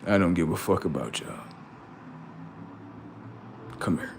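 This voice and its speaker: A man's voice: low-pitched, unhurried, vocal fry, slight background noise. A man streaming live, rambling through commentary and stories and checking in with "right?" often.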